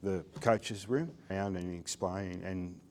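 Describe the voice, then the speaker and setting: A relaxed man with a low voice recalls the celebration after the match. A faint ambient hum sits behind him. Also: measured pace. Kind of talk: casual interview.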